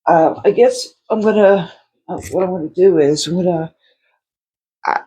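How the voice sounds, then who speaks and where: Casual artist vlogger at home, rambly and self-interrupting, plain mid-pitched voice. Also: normal speed, mellow, slight background noise. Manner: rambling, self-interrupting, lots of restarts and fillers. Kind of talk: casual vlog talk. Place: indoor home studio. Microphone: separate microphone.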